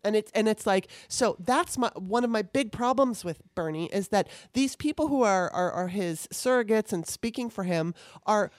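A woman rants heatedly in casual chat, swearing freely. Her voice sits at a middle pitch. The sound is dry and close, as on a remote call. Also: expressive, moderate pace, no room sound. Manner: heated, profane, ranting. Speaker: podcast co-host.

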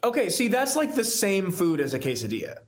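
A man's voice: sits high, huge pitch swings, brisk. A musician being interviewed on a podcast, a man talking in a laid-back, rambling way and laughing easily. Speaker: musician guest. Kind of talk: casual podcast chat. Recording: roomy echoey sound.

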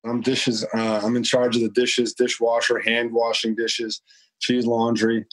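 A man's voice: medium pitch, monotone, measured pace, rough recording. A man chatting as a guest, easygoing and self-deprecating. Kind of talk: casual chat.

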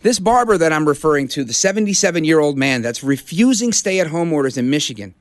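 A man's voice: fairly high pitch, lively intonation, quick pace, hardly any pauses, no echo. A man hosting a talk radio show, delivering an emphatic, preachy rallying monologue. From Brooklyn, USA.

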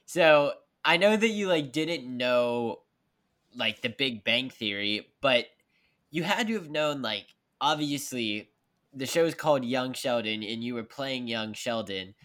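A woman with a very deep voice interviews her guest in a loose, chatty way. Her pitch moves up and down a lot, and her questions ramble along with plenty of "like.". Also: expressive, a little slow, a bit bright. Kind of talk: casual interview.

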